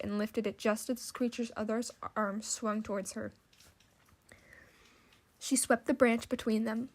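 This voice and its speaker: A woman narrating an audiobook in measured, scripted storytelling. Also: on the high side.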